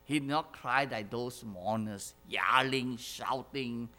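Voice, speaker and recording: A man's voice: medium pitch, takes it slowly, sharp tone. A man preaching a sermon who asks the congregation questions, repeats his phrases and chuckles now and then. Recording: long hall reverb.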